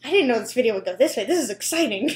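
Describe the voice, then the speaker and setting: A woman's voice: a little high, sing-song, very fast, a little hiss or hum. Giggly chatty woman, roomy echo. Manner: chatty, giggly, lots of fillers and restarts. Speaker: reaction video host. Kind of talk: casual reaction commentary.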